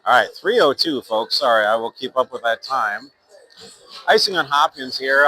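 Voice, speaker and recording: A man's voice: medium pitch, lively intonation, normal speed, bright, forceful tone, low-quality recording. A man calling youth hockey play-by-play in a casual, rambling way, with fillers, self-corrections and sponsor plugs. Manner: reads sponsor plugs between plays. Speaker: play-by-play announcer. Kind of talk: amateur youth hockey commentary.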